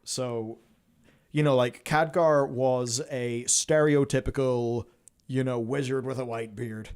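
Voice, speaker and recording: A man of medium pitch co-hosting a casual live stream. He explains things in long stretches and turns sarcastic, often laughing at his own jokes. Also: fairly even intonation, slow pace, a little mellow, clean tone. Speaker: co-host.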